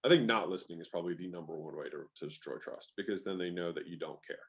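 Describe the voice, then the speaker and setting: Male interview guest, lowish voice, emphatic and casual, drops the odd swear word. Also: fast talker. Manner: emphatic, swears, many "like" fillers. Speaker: guest, sales expert.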